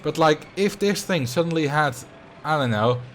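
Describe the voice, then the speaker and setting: Faint game music and slight background noise accompany a man's casual live gameplay commentary as he rambles and responds to chat. He sounds animated, with a fairly bright voice on the high side at a moderate pace.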